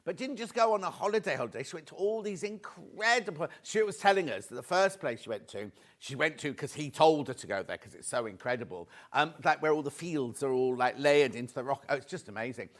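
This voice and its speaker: A British man hosts a live shopping broadcast from a studio. His slightly raised voice is chatty and excitable. He rattles through prices and reads out viewer greetings. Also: a little high, fairly quick. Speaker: shopping channel presenter. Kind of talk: live shopping show chat.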